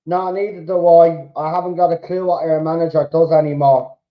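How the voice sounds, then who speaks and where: Swearing excitable football fan. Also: male voice, a little high, brisk, lo-fi sound. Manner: swearing, shouting at players, excitable. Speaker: fan channel host reacting live to a match. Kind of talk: live match reaction commentary.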